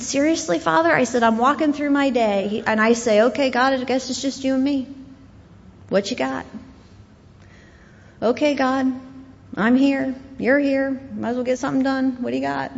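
A woman's voice: high-pitched, creaky. A woman giving an earnest personal testimony as a guest speaker, telling her story while grieving. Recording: dull sound with long hall reverb.

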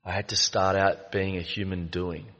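A man with a low, deep voice tells his story at a recovery meeting, pausing often on fillers as he reflects. His words ring out with a long echo in a meeting hall. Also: level tone, fairly bright tone, muffled recording. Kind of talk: personal share at a recovery meeting.

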